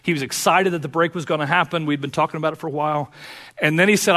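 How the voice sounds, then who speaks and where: A man preaching a sermon as pastor of his church, earnest, moving between fervent urging and quiet personal confession. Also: on the high side, racing. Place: church sanctuary. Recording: long hall reverb.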